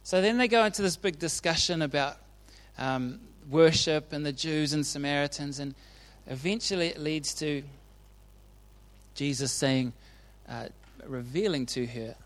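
A man's voice: fairly high pitch, measured pace. A man preaching a casual sermon, retelling Bible stories in a chatty, informal way and often checking in with his listeners.

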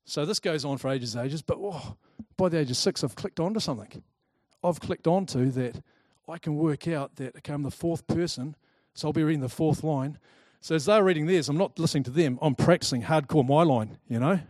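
A man giving a talk to a live audience, lively and chatty, telling personal stories and acting out the people in them. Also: on the high side, brisk, few pauses, no room sound, clean studio sound. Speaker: speaker presenting to a group.

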